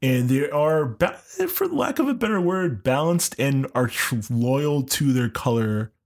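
A man co-hosting a casual podcast, nasal and congested with a cold, talking haltingly with lots of fillers and laughs. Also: mid-range voice, animated. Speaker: podcast co-host.

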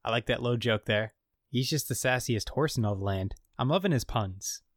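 A man's voice: medium pitch, fairly quick, dry recording. Man casually recapping a show, dry sound. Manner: animated storytelling, acting out lines of dialogue. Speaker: podcast co-host recapping an episode. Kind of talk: casual chat.

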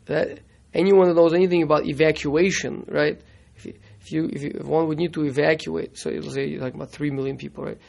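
Gravelly man teaching Torah. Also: fairly high pitch, fairly even intonation, a little mellow. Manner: halting, repeats words, mixes in Hebrew terms. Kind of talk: classroom Torah lesson.

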